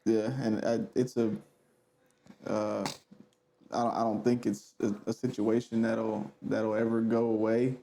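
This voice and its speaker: A man hosting a podcast speaks reflectively and stops often for fillers. His voice has a gravelly rasp and a dark, relaxed tone. The talk is loose and casual. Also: lowish voice, measured pace, slight background noise. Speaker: podcast host. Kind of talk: casual conversation.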